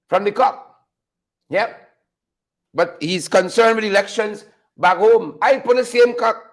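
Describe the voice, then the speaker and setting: Male host, high-pitched, unscripted mocking commentary full of laughter. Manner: mocking, laughs often, repeats phrases for effect. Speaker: show host.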